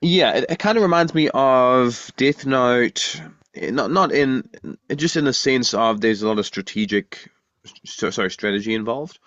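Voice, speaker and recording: A man's voice: medium pitch, moderate pace, fairly bright tone, no echo, highs cut off. A man co-hosting a podcast in casual chat, rambling and asking lots of questions. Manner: rambling, restarts often, asks questions. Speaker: podcast co-host.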